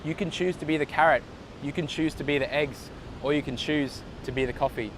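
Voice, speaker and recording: A man voicing a calm, wise old grandmother who speaks slowly and quietly. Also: on the high side, background noise, close to an everyday voice. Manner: slow, quiet, measured.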